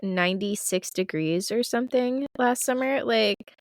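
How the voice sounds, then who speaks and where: A woman's voice: a little high, a little slow, dry recording, studio quality. A woman co-hosting a podcast in casual chat, reacting playfully and laughing often. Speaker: podcast co-host.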